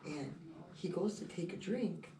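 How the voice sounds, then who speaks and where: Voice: mid-range voice, measured pace. Rambling storyteller in a noisy, echoey room. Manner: rambling, animated, repeats "I said" and "he goes". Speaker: storyteller at the cafe. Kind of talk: casual anecdote. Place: indoor cafe. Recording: roomy, distant, noisy.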